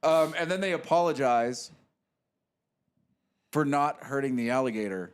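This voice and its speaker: A man's voice: mid-range voice, a little slow, smooth. A man co-hosting a podcast, telling a story step by step in casual chat. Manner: animated storyteller, retells scenes step by step. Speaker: podcast co-host.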